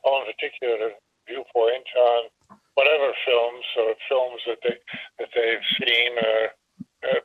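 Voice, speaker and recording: An older American actor being interviewed, telling stories in a halting, hesitant way. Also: male voice, medium pitch, little pitch movement, no room sound, narrow, tinny audio. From United States. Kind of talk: anecdotal storytelling.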